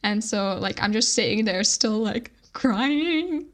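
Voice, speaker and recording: A woman's voice: on the high side, expressive, slow. A young adult woman co-hosting a podcast, telling a story in casual chat and filling her speech with "like". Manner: chatty, fills speech with "like". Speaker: podcast co-host.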